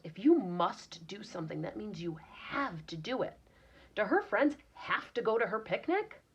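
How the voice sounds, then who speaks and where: A woman teacher reading a picture book aloud to young children, patiently explaining words and sounding them out. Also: medium pitch. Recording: dull lo-fi recording.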